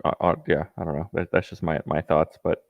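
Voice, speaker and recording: A very deep-voiced man phones into a football chat show and talks hesitantly, full of fillers and restarts. His voice comes through a thin, phone-like line with no room sound. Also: little pitch movement, brisk, gravelly, dry recording. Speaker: caller. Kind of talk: live-stream call-in football chat. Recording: tinny phone-like call line.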